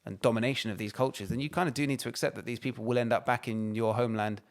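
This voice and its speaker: A man's voice: medium pitch, steady tone, very fast. A man co-hosting a podcast, ranting and swearing emphatically in casual chat. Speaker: podcast co-host.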